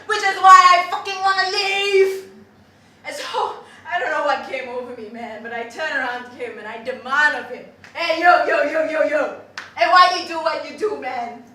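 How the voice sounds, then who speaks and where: A stage performer delivers a theatrical monologue as a restless, foul-mouthed young zookeeper, ranting through a story in a high, sharp voice at a moderate pace. The telling is animated, full of swearing and punctuated by laughs. The sound is distant, in a very echoey hall with faint hiss.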